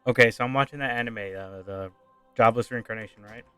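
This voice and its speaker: A man's voice: mid-range voice, brisk, clean tone, faint music behind. A man streaming a game, chatting casually and retelling a story while acting out the characters' lines. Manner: animated storyteller acting out dialogue. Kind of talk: casual gaming chat.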